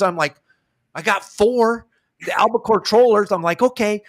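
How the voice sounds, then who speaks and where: A middle-aged man and sportfishing captain, telling an excited fishing story and acting out the dialogue. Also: high voice, normal speed. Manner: animated, acts out the dialogue.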